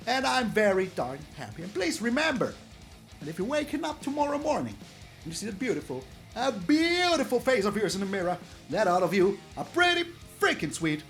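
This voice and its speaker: A man with a very high, gravelly voice calls his card game matches with playful, animated energy, teasing his opponent and cheering his wins. Music plays quietly behind him. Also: fairly quick. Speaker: game streamer and channel host. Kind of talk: excited gameplay commentary.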